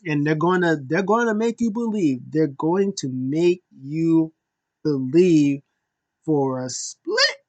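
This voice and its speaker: A man casually recapping a wrestling show, animated and acting out the wrestlers' lines in quick impressions. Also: on the high side.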